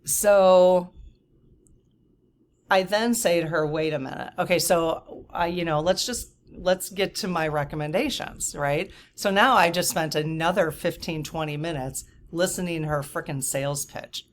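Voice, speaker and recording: A woman in her fifties tells her story straight to the camera, her voice sitting low in pitch. She is chatty and indignant, full of "you know" and quick asides as she vents. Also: slight background noise. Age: 50s. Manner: animated, indignant, lots of fillers and asides. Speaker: vlogger.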